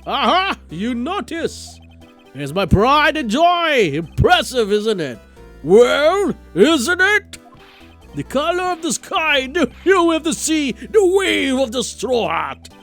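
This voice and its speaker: A man's voice: very high voice, sing-song, takes it slowly, a bit bright, soft background music, pitched above the performer's own voice, full character voice. A man doing a pompous old lawyer. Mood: grandiose. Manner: grandiose, theatrical delivery. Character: pompous older male lawyer, blustering and evasive.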